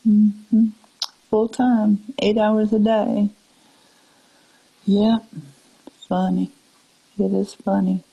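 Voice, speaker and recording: An older woman chatting on a live stream, answering viewers in a soft, musing, often half-whispered way. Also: mid-range voice, creaky, husky, low-quality recording.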